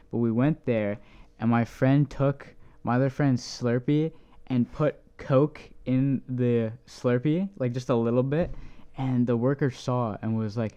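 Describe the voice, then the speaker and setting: A man's voice: mid-range voice, moderate pace, dark tone, clear, resonant tone, dull audio. A young man, a podcast co-host, telling a long story in casual chat, full of "like" and the odd swear. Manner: rambling, many "like"s, swears casually.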